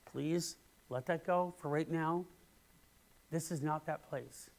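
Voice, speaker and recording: A male minister preaching with a voice pitched a little high for a man. He is earnest and moves from hushed, near-whispered words to strong, emphatic lines. He talks in the steady rhythm of a Sunday sermon. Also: slow pace, vocal fry. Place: church sanctuary.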